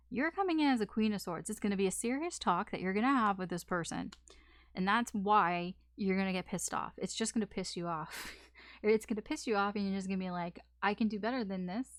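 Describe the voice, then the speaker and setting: A woman's voice: medium pitch, no echo, studio quality. A woman giving a casual tarot reading, talking frankly with fillers and swearing. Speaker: tarot reader.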